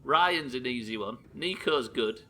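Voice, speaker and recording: A man's voice: medium pitch, expressive, a little slow, sharp tone, a little hiss or hum. Sweary man streaming a game. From Britain. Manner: sweary, chatty, reading chat aloud. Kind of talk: live gameplay commentary.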